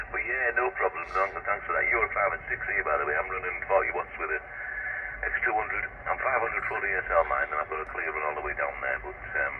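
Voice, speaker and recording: A man calling into an amateur radio net, chatting in a rambling, halting way over a distant radio link. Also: deep voice, phone-quality sound. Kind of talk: casual radio chat. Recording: distant noisy radio transmission.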